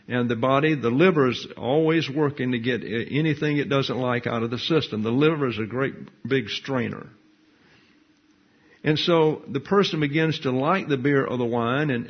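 An older man, a pastor teaching a Bible study in a folksy, unhurried storytelling manner. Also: medium pitch, breathy edge. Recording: muffled lo-fi recording.

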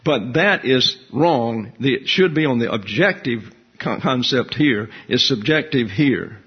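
A man's voice: medium pitch, animated, measured pace, husky, lo-fi sound. A man teaching a Bible class in a conversational way, asking his listeners questions as he explains.

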